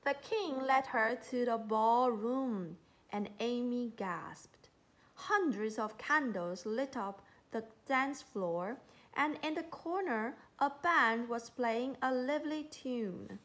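A woman's voice: fairly high pitch, slow, a bit bright. A woman reading a children's storybook aloud, giving the quoted lines small voices. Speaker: storybook reader.

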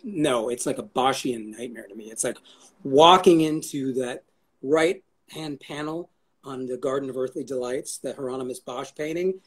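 A man's voice: mid-range voice, moderate pace, husky. A man chatting as an interview guest, rambling, swearing casually and cracking jokes. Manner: rambling, profane and jokey.

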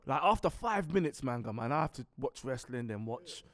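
A man's voice: mid-range voice, animated, a little fast, fairly bright tone. A British man co-hosting a podcast, chatting in a rambling, playful, storytelling way. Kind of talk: casual podcast chat.

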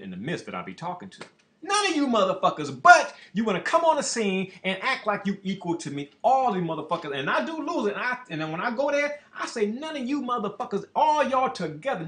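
A man's voice: high voice, a bit bright. A man hosting a show who rants in a brash, boastful and profane monologue. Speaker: show host. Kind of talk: ranting monologue. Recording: echoey room.

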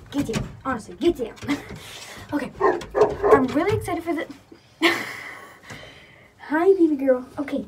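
High-voiced woman vlogging with her dogs. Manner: chatty, scolding dogs between remarks. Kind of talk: casual vlog talk to camera. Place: outdoors in a backyard with dogs. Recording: loud wind and background noise.

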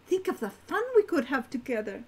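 A woman doing a prim young centaur girl from a storybook, high and lively, speaking in careful formal sentences. She sounds earnest and a little proper. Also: brisk, slightly rough, heavily acted. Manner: formal, avoids contractions. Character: prim fourteen-year-old centaur farm girl.

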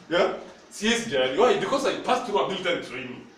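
In a reverberant church hall, heard through a distant mic with a faint hiss or hum, a man preaches fast in a Kenyan accent. His high, slightly bright voice swings widely in pitch as he mixes Swahili and English and calls on the congregation.

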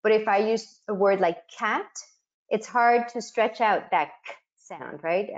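A woman's voice: medium pitch, unhurried, highs cut off. A middle-aged woman giving an instructional webinar, explaining and sounding out speech sounds for educators. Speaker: webinar facilitator.

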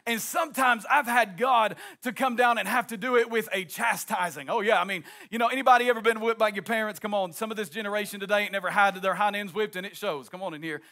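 A male pastor preaching an impassioned sermon, rising into shouts and a sing-song cadence, then dropping into folksy asides. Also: high voice, fast talker, hardly any pauses.

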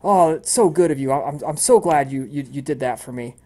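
A man's voice: a little high, a little fast, mellow, close to an everyday voice. A man voicing a cheerful, chipper female vampire who experiments on the living and the dead. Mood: gushing. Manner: bubbly and eager, with stammered restarts.

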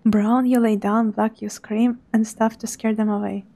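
A young woman, quietly commentating a live game stream in a hushed, soft voice. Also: a little high, little pitch movement, moderate pace, creaky. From Russia. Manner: hushed, softly spoken to avoid making noise.

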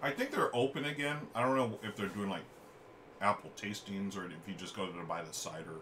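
A chatty man hosting a live stream from home, reading viewer comments aloud into a desk mic. His voice is bright and forward. A faint hiss of background noise sits under it. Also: on the low side, brisk. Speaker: streamer host. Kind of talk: casual chat on a live stream. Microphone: desk microphone.

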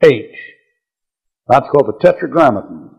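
Older preacher, gravelly and husky, blunt folksy lecture style, muffled old tape. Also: male voice, mid-range voice, very animated, normal speed, a little mellow. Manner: folksy, blunt, chuckling asides. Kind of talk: bible teaching lecture.

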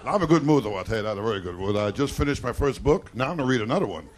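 A male stand-up comedian delivering rapid self-deprecating one-liners on a nightclub stage, often breaking in with "I tell you.". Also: mid-range voice, lively intonation. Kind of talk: live stand-up routine. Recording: noisy live club recording with crowd. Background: audience laughter and applause.

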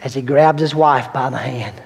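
A man preaching a Baptist evening sermon, swelling from hushed storytelling to fervent shouting. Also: mid-range voice, moderate pace, creaky. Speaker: guest preacher. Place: church sanctuary. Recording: long church reverb.

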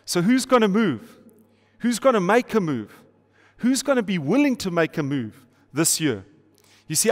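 A middle-aged man preaching a sermon to an online audience, emphatic and repetitive, with rhetorical questions and playful asides. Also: a little high. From South Africa. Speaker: pastor. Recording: long hall reverb.

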